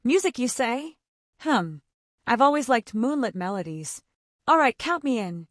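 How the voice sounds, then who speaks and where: Soft-sighing scruffy old cat, as a woman puts it on. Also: on the high side, very animated, a little slow, no echo, clean studio sound.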